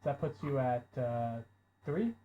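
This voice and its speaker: A man running a tabletop role-playing game as game master, calling rolls and narrating the action, who gets loud and swears when surprised. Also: medium pitch, animated, takes it slowly, a little hiss or hum. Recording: dull lo-fi audio.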